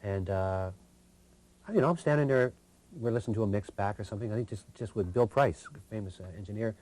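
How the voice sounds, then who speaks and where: Rambling older man with a mellow voice. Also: lowish voice. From Canada. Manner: rambling, halting, self-interrupting. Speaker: guest musician. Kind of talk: casual storytelling.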